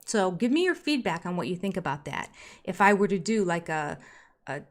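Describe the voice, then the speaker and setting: A woman's voice: lowish voice, sing-song, normal speed. A woman in her sixties hosting a casual live stream, reading out viewer comments with little laughs and chatty asides. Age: 60s. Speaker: YouTube host reading live chat.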